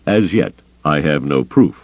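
A man voicing a cold, calculating alien admiral in a calm, measured, dry manner, on a slightly muffled recording. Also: a bass voice, no room sound, exaggerated voice.

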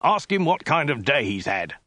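A man's voice: lowish voice, measured pace, creaky, a bit bright, breathy edge, dry recording, studio quality, exaggerated voice. Man doing a snarling brutal soldier. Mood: harsh. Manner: barking, hissing.

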